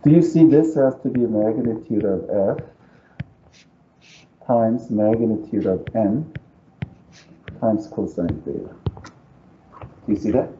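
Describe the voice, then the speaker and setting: A man teaching calculus in a slow, unhurried way, with a very dark and mellow tone and an accent that is not native. He thinks out loud as he goes and keeps asking the class to say yes. The sound is roomy and dull, like a lo-fi classroom recording. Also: lowish voice, a little hiss or hum. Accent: non-native English. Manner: thinking aloud, coaxing students to agree. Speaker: math teacher. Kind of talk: live calculus lecture.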